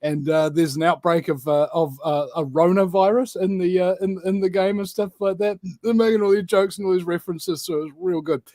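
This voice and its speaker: A man's voice: high-pitched, steady tone, a little fast, few pauses, warm tone, no echo. Chatty man with a dry close sound. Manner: jokey, rambling, laughs at own jokes. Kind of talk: casual chat.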